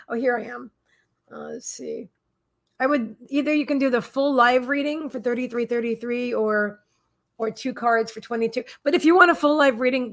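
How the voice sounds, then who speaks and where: A woman runs a casual psychic reading stream, her voice a little high with a gravelly fry. Gushing, she says her thanks and hellos again and again, often halting, restarting, and leaning on fillers.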